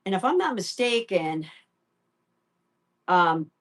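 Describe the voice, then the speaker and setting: A woman's voice: medium pitch, sing-song, slow pace. Woman sweet-talking her pet. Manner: soft baby talk to her pet, chatty with viewers. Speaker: pet livestream host. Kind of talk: casual live-stream chat.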